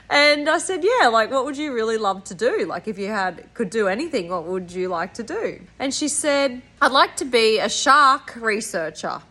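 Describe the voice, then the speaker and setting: A woman's voice: medium pitch, fairly bright tone. A woman, a spiritual coach chatting enthusiastically through a story for her vlog.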